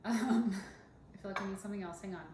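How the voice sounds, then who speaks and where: Mixing a cocktail on the podcast she co-hosts, this dentist chats casually and giggles, speaking quickly at a medium pitch. Background noise and echo fill the room.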